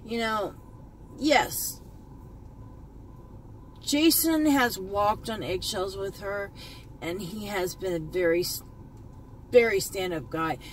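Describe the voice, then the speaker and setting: A woman's voice: mid-range voice, slow pace, pauses often, a little hiss or hum, low-quality recording. A woman beauty vlogger talking in a heartfelt, rambling way from her car, choked up at times and repeating herself. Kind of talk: emotional commentary vlog. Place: in a parked car.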